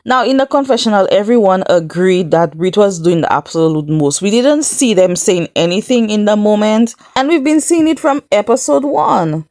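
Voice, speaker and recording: A woman's voice: mid-range voice, expressive, normal speed, few pauses, a little mellow, dry recording, clean studio sound. A woman giving a casual recap of a reality show, chatty and incredulous, laughing often as she tells it. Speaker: recap vlogger.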